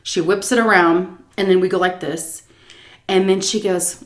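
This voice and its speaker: A woman telling a casual story-time tale as a food vlogger, animated and full of fillers, acting out scenes as she goes. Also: fairly low pitch, moderate pace. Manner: animated, lots of fillers and laughs, acts scenes out.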